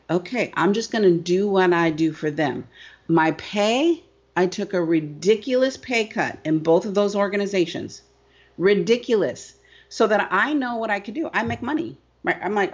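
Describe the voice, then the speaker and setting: A middle-aged woman business coach telling her story emphatically in an interview, often asking "right?". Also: fairly low pitch. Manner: emphatic, repeats phrases, asks "right?" often. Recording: dull lo-fi sound.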